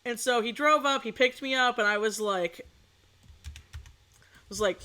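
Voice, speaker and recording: A woman's voice: a little high, measured pace, pauses often, sharp tone. A young adult woman telling a story in a casual, chatty way as a streamer. She swears freely and acts out what people said. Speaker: VTuber streamer.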